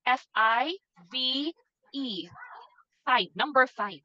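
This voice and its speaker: Seorang wanita guru bahasa Inggris daring, dengan sabar mengeja kata huruf demi huruf dan mengulanginya untuk seorang anak kecil, suara kering lewat mikrofon panggilan video. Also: female voice, high voice, very animated, moderate pace, sharp tone, no echo, highs cut off. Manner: patient, spells words out letter by letter and repeats them. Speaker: online English teacher. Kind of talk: phonics lesson with a young child.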